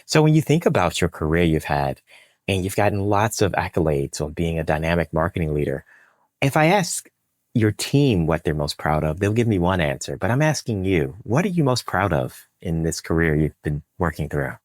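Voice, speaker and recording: A man's voice: low-pitched, big pitch swings, normal speed, no echo, studio quality. A man hosting an interview podcast, asking questions and encouraging his guest with brief replies. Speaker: podcast host. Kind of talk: casual interview.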